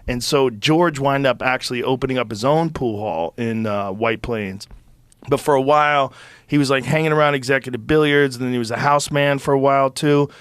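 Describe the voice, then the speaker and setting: A middle-aged man hosting a podcast, telling an animated, profanity-laced story in casual conversation into a close studio microphone. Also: mid-range voice, fairly quick, clean tone, no room sound. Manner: animated, profane, acts out quotes. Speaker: podcast host.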